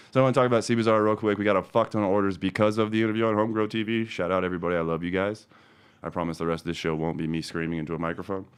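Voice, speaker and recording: A middle-aged man with a fairly low voice hosts a cannabis seed show in a loose, off-the-cuff way. He swears freely and moves between heated complaint and relaxed, friendly chat with viewers. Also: rapid-fire, clean tone. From Denver, Colorado. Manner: profane, angry ranting that turns calm and chatty. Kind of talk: casual ranting livestream talk.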